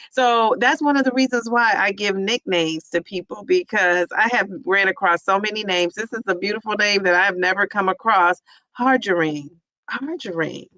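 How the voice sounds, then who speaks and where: A woman's voice: mid-range voice, bright, forceful tone, dry recording, low-quality recording. A woman teacher hosting a casual livestream, reading viewer comments, laughing often and stretching out names in a sing-song way.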